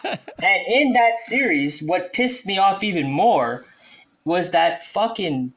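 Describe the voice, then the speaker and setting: A man's voice: high voice, lively intonation, slow pace, a bit bright, lo-fi sound. A man, a superfan guest ranting profanely in casual podcast chat. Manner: profane, ranting fan banter.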